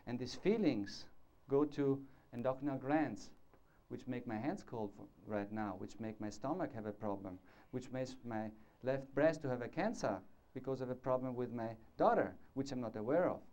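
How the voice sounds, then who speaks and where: In a lecture hall, a man delivers a live talk on orthodontics at a conference, his medium-pitched voice warm, at normal speed and with barely a pause. He wanders discursively, gestures to demonstrate, and checks in with listeners, all captured on dull, lo-fi 1990s conference tape.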